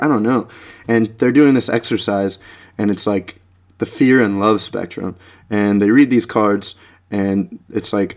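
A young man hosting a podcast, rambling in casual chat with lots of fillers and laughter, now and then mocking people in a high voice. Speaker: podcast host.

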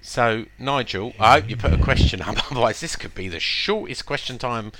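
A man co-hosting a casual chat, teasing his partner with quick banter. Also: mid-range voice, a loud crowd. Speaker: co-host. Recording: audible background noise.

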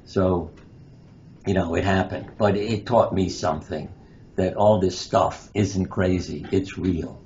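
A very deep-voiced man tells anecdotes as an interview guest, slipping into the voices of the people in his stories. The sound is dull and lo-fi, with a faint hiss behind him. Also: slow pace, a little mellow. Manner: anecdotal, acts out quoted lines. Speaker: guest, pediatric surgeon and author. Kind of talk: interview storytelling.

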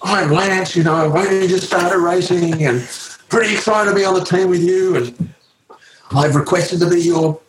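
Brief: gushing, overfamiliar young male athlete, put on by a man, high voice, roomy sound. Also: slight background noise, close to an everyday voice. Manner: excitable, rapid gushing chatter. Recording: roomy echo.

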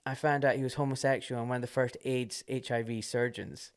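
A surgeon appears as a guest, telling a story in casual conversation. His voice sits at a medium pitch, and he's animated and quick to laugh.

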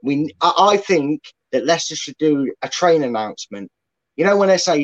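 A man's voice: fairly high pitch, expressive, normal speed, muffled recording. A man giving strong opinions as a guest fan pundit, speaking from his bedroom. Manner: opinionated, dry. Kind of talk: casual chat.

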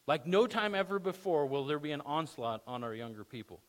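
A man's voice: fairly high pitch, animated, brisk, hardly any pauses. A man preaching a sermon as pastor, conversational with emphatic bursts.

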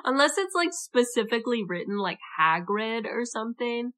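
Young female podcast co-host, bright tone, playful chatty delivery. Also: fairly high pitch, sing-song, moderate pace. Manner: chatty, playful, laughs mid-sentence. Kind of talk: casual chat.

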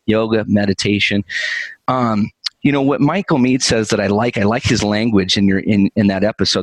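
A man with a lowish voice hosts a podcast, thinking out loud in a relaxed, conversational way. The sound is dry and close, with little room in it. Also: no echo, poor audio. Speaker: podcast host.

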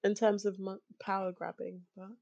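A woman co-hosting a podcast, speaking in a measured, wry way with dry humor. Her pitch is middling and the sound is close and dry. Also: level tone, vocal fry, a little mellow, no echo, lo-fi sound. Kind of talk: casual chat.

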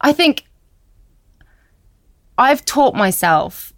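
A woman in her thirties hosting a podcast, telling animated stories and acting out quotes in casual chat. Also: high-pitched, very slow, no echo, clean studio sound. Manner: animated storyteller, acts out quotes. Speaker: podcast host.

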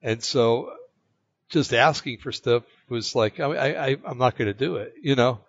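A man from the United States telling a personal story in casual chat, rambling and halting, with many fillers and restarts. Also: mid-range voice, no room sound. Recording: dull lo-fi, dry sound.

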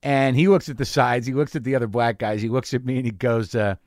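In a dry, clean studio recording, a podcast host with a medium-pitched, steady, darkish voice talks at a quick pace. Broadcasting from a garage studio, he rambles through stories in a profane, self-deprecating casual monologue.

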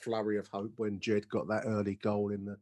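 A man's voice: lowish voice, completely flat delivery, brisk, warm tone, dry recording. A man co-hosting a football podcast, chatting casually and often speaking to the listeners. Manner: chatty, addresses listeners, many restarts. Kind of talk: casual chat.

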